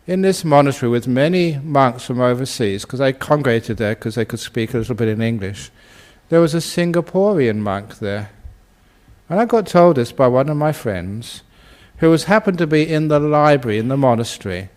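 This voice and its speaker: A man who is a Buddhist monk and teacher, telling a humorous story in a dharma talk. He talks in a relaxed, conversational way with many "you know"s and chuckles often at his own tale. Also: mid-range voice, moderate pace.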